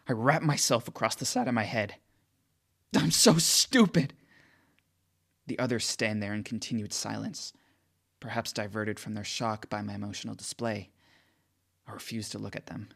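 A man's voice: fairly low pitch, creaky, fairly bright tone. A man reading first-person audiobook narration with emotional, tearful outbursts.

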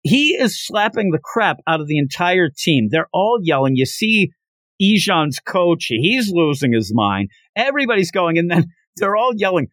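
A man hosting a podcast, casually retelling a manga story with animated asides. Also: on the high side, moderate pace, no echo. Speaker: podcast host.

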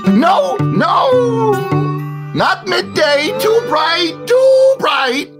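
A man voicing a skittish, excitable male cave creature with clawed hands, speaking in broken, repeated words. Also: drawn-out words, exaggerated voice. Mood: pained. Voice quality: shrill, broken stammering speech. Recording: loud music underneath.

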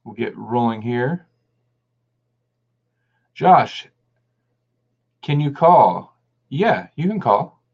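A man's voice: mid-range voice, extremely slow, gravelly, pauses often, husky, dull audio. A man hosting a live podcast stream, chatting casually and greeting callers. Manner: relaxed, friendly, greets callers. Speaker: podcast host.

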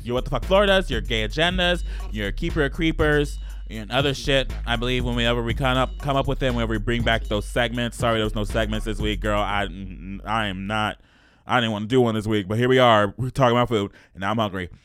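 A man hosting a podcast in a loud, profane, sassy and playful casual chat. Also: medium pitch, fast talker, soft background music. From United States. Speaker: podcast host.

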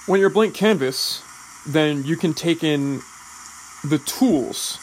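A man who is an actor, explaining drama school training in a deliberate, measured way, often restarting words. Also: fairly high pitch, slight background noise, low-quality recording. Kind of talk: explanatory talk.

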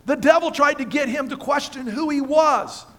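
High voiced guy pastor, preaching hard, repeats himself for emphasis. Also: normal speed, sharp tone. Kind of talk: sermon. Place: church sanctuary with congregation.

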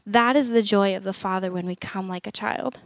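A woman's voice: medium pitch, a little fast, creaky, no echo. A woman giving an earnest, encouraging faith teaching. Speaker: speaker on family prayer.

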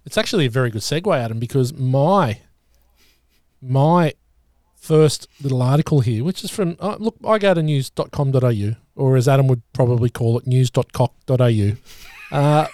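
A man hosting a podcast in casual chat, relaxed and often restarting his words. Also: medium pitch, normal speed, no room sound, clean studio sound. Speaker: podcast host.

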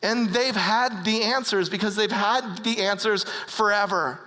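A preacher giving an earnest sermon as a story, with frequent halting restarts. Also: mid-range voice, sharp tone, in a large hall, rough recording.

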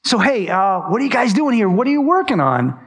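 Inquisitive, friendly passerby, done by a preacher, high voice. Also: male voice, very animated, fairly quick. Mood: curious. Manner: friendly, questioning. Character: curious inquisitive man visiting a building site.

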